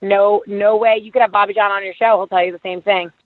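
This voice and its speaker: A chatty woman in her thirties, animated, who acts out the quoted dialogue in her stories. The sound is thin and phone-like, with a dry, close feel and no room around it. Her pitch sits in a middling range. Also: fast talker, dry recording. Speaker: guest, former reality show contestant. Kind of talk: casual interview chat. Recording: dry, tinny phone-like line.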